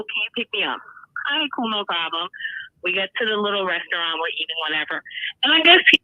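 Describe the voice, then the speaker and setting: A woman calling in to a podcast, telling a dating story in an animated, sassy way. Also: fairly high pitch, no echo, dull audio. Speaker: caller. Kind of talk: casual call-in storytelling.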